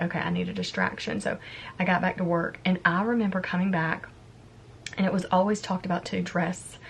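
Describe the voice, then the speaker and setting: With background noise and yard work audible outside her home, a woman vlogger in her thirties relates a personal story to camera. Her fairly low voice is chatty and confiding, and she frequently acts out and quotes what she said.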